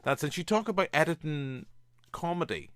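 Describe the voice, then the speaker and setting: A man's voice: fairly high pitch, animated, normal speed, a bit bright, no echo, clean studio sound. A Northern Irish man hosting a film podcast, asking rambling, hesitant questions. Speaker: podcast host interviewer. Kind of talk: casual interview questions.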